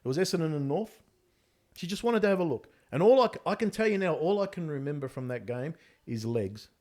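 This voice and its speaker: A man in his fifties with an Australian accent, a comedian telling animated stories with lots of swearing and "mate". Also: fairly high pitch, brisk. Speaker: comedian guest. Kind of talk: casual storytelling chat.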